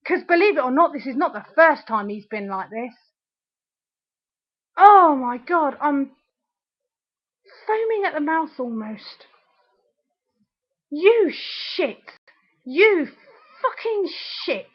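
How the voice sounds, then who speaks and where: A young woman with a high voice rants into her webcam at home, sarcastic and swearing, close to tears at times. The sound is dull and lo-fi. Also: expressive, measured pace, pauses often. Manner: furious, ranting, sarcastic, swearing. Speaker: video diarist. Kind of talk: angry ranting video diary.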